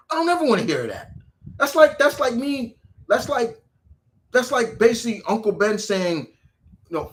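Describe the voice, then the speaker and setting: A man's voice: high-pitched, big pitch swings, unhurried, fairly bright tone. A man hosting a live stream, ranting casually about comic heroes and answering viewer questions, restarting his sentences and swearing freely.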